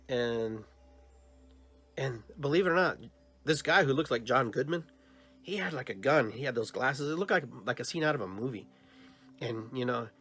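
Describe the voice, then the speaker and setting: A man hosting a podcast, telling a personal dream story and acting out both sides of the conversations. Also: medium pitch. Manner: animated retelling, acts out both sides of dialogues; long trailing phrases with filler and restarts. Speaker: podcast host.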